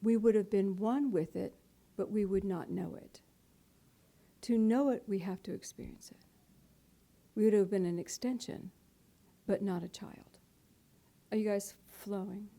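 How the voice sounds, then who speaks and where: A woman's voice: medium pitch, a little slow, vocal fry, long pauses, dark tone. A middle-aged woman, a spiritual teacher, giving a playful, conversational talk to a live audience and laughing often.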